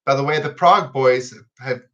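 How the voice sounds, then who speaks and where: A man's voice: medium pitch, moderate pace, a bit bright, lo-fi sound. Chatty south african man on a livestream. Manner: chatty, teasing, laughs often. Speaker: live cooking stream host. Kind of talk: casual chat on a livestream. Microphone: computer camera on a video stream.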